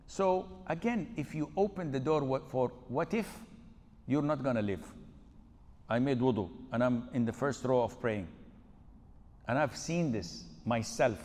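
A man's voice: medium pitch, a little mellow. A male preacher giving a humorous question-and-answer talk, acting out the dialogues in his stories. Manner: acts out dialogues in storytelling. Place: Islamic center lecture hall. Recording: long hall reverb.

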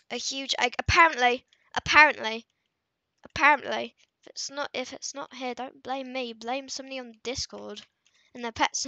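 A woman talks through her gameplay in loose, filler-heavy commentary, often trailing off self-consciously. Her voice sits a little high and comes across sharp and bright, with a gravelly fry running through it. The sound is dry and close. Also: no room sound. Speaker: gaming video creator.

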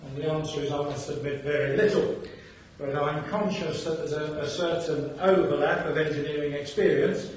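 A man in his sixties, a bishop, giving a formal lecture with measured delivery and dry wit. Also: fairly high pitch, fairly even intonation, a little hiss or hum. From England, Birmingham. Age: 60s. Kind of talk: formal after-dinner lecture. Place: large hall. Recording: echoey hall, from far off.

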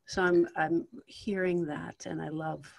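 A woman's voice: low voice, fairly even intonation, measured pace, creaky. A woman voice and acting coach giving articulate, encouraging feedback on a speech recitation.

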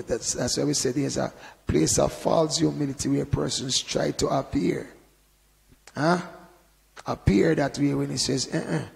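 A man giving an informal sermon in a conversational preaching manner, often adding "you know" and then bursting into loud emphasis. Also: fairly high pitch, vocal fry, long reverb tail. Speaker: Bible teacher.

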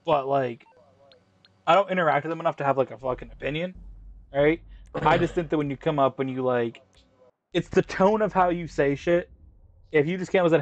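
A man's voice: a little high, fairly quick, pauses often, dry recording, dull audio. A man hosting a gaming video, telling a long story in casual, profane chat full of slang fillers. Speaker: gaming channel host. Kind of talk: casual chat while racing in a game.

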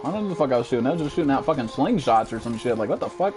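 This is live gameplay commentary from a young man in his twenties, rattling off rapid-fire, foul-mouthed reactions to a shooter over music, with sudden high-pitched outbursts.

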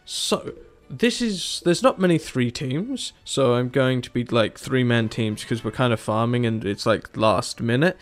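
A young man casually commentating over his gameplay, animated and exasperated, acting out his own reactions. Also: medium pitch. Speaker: gaming YouTuber. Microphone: desktop mic, no camera.

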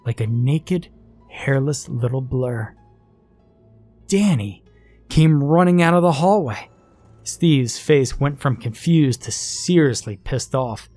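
A man narrating a first-person horror story in a wry, unhurried way. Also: mid-range voice, animated, a little mellow, no room sound, faint music behind.

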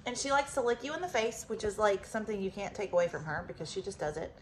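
A woman chatting casually at home about her pets, animated, slipping into baby talk with the dogs. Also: mid-range voice, fast, rough recording. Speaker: vlogger and dog owner. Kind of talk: casual chat.

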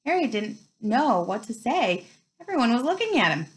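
A woman reads a children's novel aloud at a home pace. Her fairly high voice swings lively through each sentence, giving the narration an animated, storytelling feel. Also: normal speed, low-quality recording. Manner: expressive storytelling. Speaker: reader.

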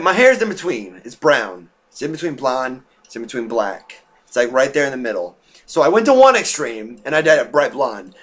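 A man's voice: mid-range voice, a bit bright. A teenage boy rambling and ranting to his camera, swearing freely and filling gaps with fillers. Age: teens. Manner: rambling, profane, restless, with frequent fillers. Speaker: vlogger.

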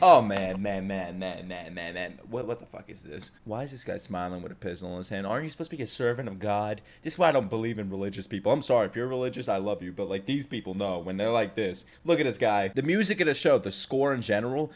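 A man hosting an anime reaction, excitable, laughing often and swearing freely in casual commentary. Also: fairly low pitch, fast, few pauses.

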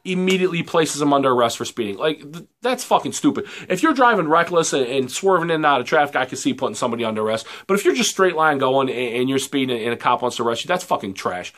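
A man's voice: medium pitch, lively intonation, fast, hardly any pauses, fairly bright tone. A man, ranting heatedly and profanely in a rambling vlog commentary. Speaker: vlogger.

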